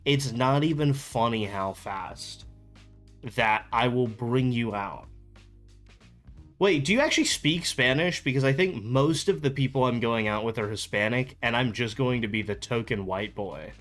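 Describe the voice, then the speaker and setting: A man's voice: mid-range voice, a little slow, fairly bright tone, soft background music. A young man chatting casually on his stream, rambling, amused and laughing often.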